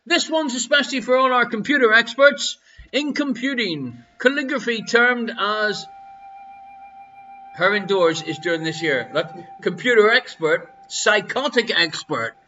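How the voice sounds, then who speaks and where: A man's voice: sits high, lively intonation, a little slow, sharp tone, lo-fi sound. An Irish man hosting a live quiz from his home, reading questions and teasing viewers with jokey banter. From Ireland. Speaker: quiz host. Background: faint music.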